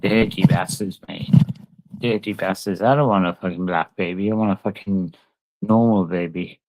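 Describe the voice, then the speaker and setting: A man's voice: low voice, steady tone, moderate pace, darkish tone, no echo, rough recording. A drunk man, ranting on a livestream in a profane, rambling and repetitive way. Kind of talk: angry livestream rant.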